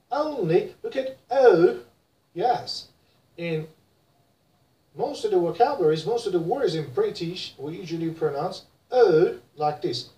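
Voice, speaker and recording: Slow, roomy pronunciation teacher drilling words. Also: mid-range voice, mellow. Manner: repeats each word several times for drilling. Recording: roomy and distant from the mic.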